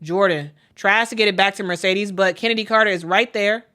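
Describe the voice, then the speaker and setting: Bright-voiced excitable woman calling basketball. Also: mid-range voice, brisk. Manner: excitable, chatty, talks to viewers as "y'all". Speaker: play-by-play commentator. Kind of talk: casual live play-by-play stream.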